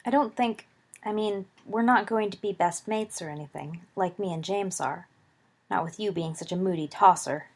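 A woman's voice: medium pitch, moderate pace, husky. A woman voicing a brash, cocky teenage schoolboy who talks in a blunt, teasing way, reading a story aloud. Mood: coaxing.

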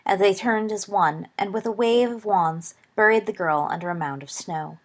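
A woman reading a story aloud in a steady, expressive narration. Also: mid-range voice, normal speed. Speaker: audiobook reader.

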